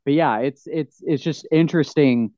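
A man hosting a casual film chat, rambling and excitable, full of "like" and "you know.". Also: fairly high pitch, moderate pace, dry recording. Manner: excitable, often swears. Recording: slightly dull lo-fi sound.

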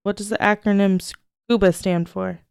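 Young woman guest, smooth clear voice, giggly and blunt, dry close recording. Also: mid-range voice, steady tone, normal speed, darkish tone, no echo. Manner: giggly, blunt, playful answers. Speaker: podcast guest. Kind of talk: casual chat, quick-fire answers.

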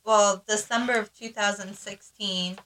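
A woman's voice: medium pitch, steady tone, a little slow, pushed and bright, slight background noise. A woman co-hosting a casual mom podcast, blunt and joking, swearing freely. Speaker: podcast co-host. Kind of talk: casual chat.

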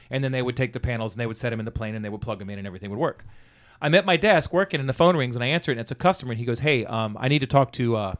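A man telling a profanity-laced story about an old job in casual conversation, acting out the dialogue. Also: medium pitch. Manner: profane, animated anecdote-telling with quoted dialogue.

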